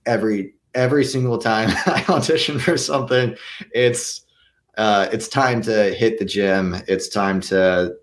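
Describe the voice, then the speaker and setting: A young man gives earnest answers in a casual interview, his voice sitting a little low. He often trips over his first words and starts again before the thought comes out. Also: unhurried. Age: young adult. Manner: earnest, with many restarts and stammered repeats. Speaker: guest actor.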